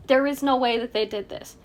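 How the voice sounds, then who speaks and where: A woman co-hosting a true crime podcast, chatting casually, joking and laughing at her own asides. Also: sits high. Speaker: podcast co-host.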